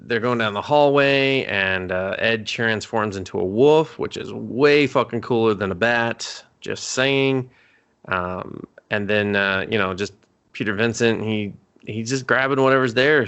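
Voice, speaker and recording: A man's voice: mid-range voice, moderate pace, fairly bright tone, clean tone. A young man co-hosting a podcast, retelling a movie scene in loose, profane chat. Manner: loose, rambling, lots of fillers and swearing. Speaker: podcast co-host. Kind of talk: casual movie recap chat.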